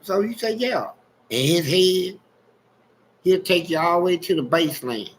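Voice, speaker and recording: A man's voice: sits high, expressive, normal speed, poor audio. A man telling frank, streetwise stories in a casual livestream chat and laughing along as he goes. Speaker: guest storyteller on a livestream.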